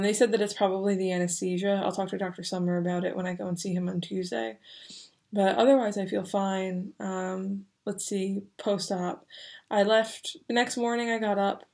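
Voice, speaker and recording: A woman's voice: mid-range voice, vocal fry, a little mellow. A young woman vlogger telling a story to the camera in a casual, rambling way, full of fillers. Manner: chatty, rambling with many fillers.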